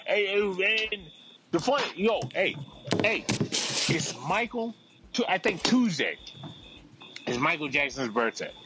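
A man's voice: high-pitched, animated, slow pace, pauses often, background noise. A man hosting a podcast in casual chat, brash, profane and opinionated. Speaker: podcast host.

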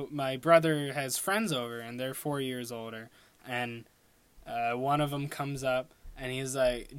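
A young man's mid-range, somewhat bright voice, recorded without echo, carries a casual, rambling personal story. He laughs at himself and breaks off to fix his own track.

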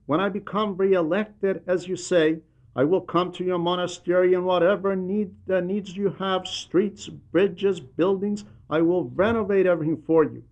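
A man's voice: high-pitched, darkish tone, muffled recording, voice pushed up. A man voicing an ailing male politician who pleads and then makes effusive promises.

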